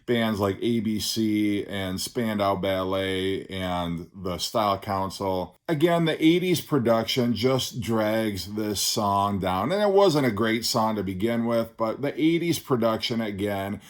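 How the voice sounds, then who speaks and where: A man's voice: lowish voice, expressive, measured pace, hardly any pauses. A man giving a casual album review as the channel's host, blunt and sarcastic, swearing freely. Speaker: record reviewer.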